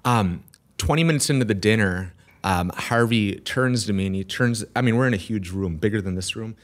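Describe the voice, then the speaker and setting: A man, a business owner, telling a story as a podcast guest in animated, quick bursts with frequent restarts. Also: lowish voice. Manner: animated, rushes through with restarts. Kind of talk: casual storytelling interview. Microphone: podcast studio mic.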